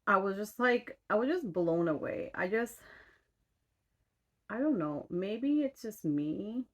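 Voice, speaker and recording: A woman's voice: medium pitch, animated, slow pace. A woman in her thirties telling a story in casual chat as a vlogger, exasperated, swearing casually and full of fillers. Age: 30s.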